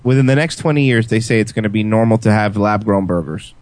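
A man's voice: lowish voice, fast talker, a little mellow. A man co-hosting a radio show, joking around and reading news bits aloud at a studio mic. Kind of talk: casual banter.

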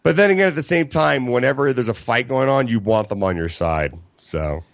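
Animated, profane young man telling a story. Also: mid-range voice, a little fast, gravelly, dry recording. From Colorado. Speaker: podcast co-host. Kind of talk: casual storytelling chat. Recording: dull lo-fi podcast mic, dry.

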